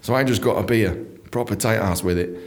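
A man telling a comic story, animated, often jumping into squeaky high voices for jokes. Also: a little fast. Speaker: comedian storyteller.

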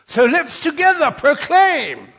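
A man's voice: very high voice, very animated, slow, vocal fry, a bit bright, in a large hall. An older man preaching an Easter sermon, rousing and leading the congregation in call-and-response.

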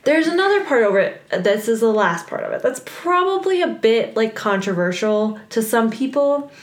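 A young woman co-hosting a casual chat, talking fast and loose with lots of fillers and laughter. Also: a little high, big pitch swings. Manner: chatty, laughing, frequent "like" fillers. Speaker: co-host. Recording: roomy echo.

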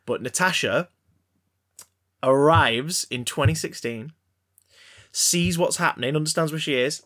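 Male podcast co-host, rambling deadpan banter, lots of restarts. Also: on the high side, a little slow. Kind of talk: casual banter about films.

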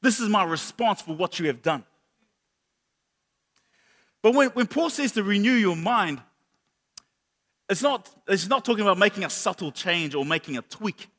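A pastor preaches in an animated way, often repeating words as he tells a story. His voice sits high for a man. The sound carries a long hall reverb. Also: normal speed, long pauses. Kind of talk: sermon.

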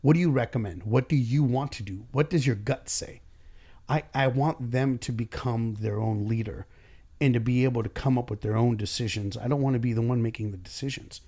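Talking a little fast in a medium-pitched, dark-toned voice, this man, who runs his own business and is the boss, chats bluntly on a podcast. He swears without restraint and performs bits of dialogue.

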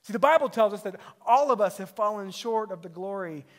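A man's voice: high-pitched, lively intonation, brisk. A middle-aged man, a pastor, preaching a sermon in a conversational way that rises to emphatic peaks.

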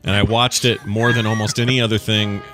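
A man's voice: lowish voice, little pitch movement, brisk, over music. A man hosting a comedy podcast, chatting in a rambling, wry way and taking callers. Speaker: podcast host. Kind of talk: casual comedic chat.

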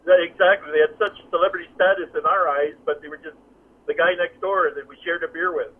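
A man calling in to a radio show, telling a memory in a nostalgic, relaxed way. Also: fairly high pitch, quick pace, slightly rough. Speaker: caller. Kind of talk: phone-in chat. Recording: tinny phone line.

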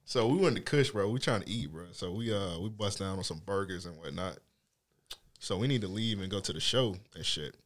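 A man's voice: sits low, fairly quick. A man hosting a podcast, telling stories in a laid-back, slang-heavy way with frequent laughs. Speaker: podcast host. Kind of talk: casual storytelling chat.

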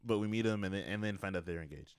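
Laid back guy, kinda low voice, nerdy movie comments on a podcast. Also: rapid-fire, clean tone, no room sound, clean studio sound. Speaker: podcast co-host. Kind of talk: casual movie chat.

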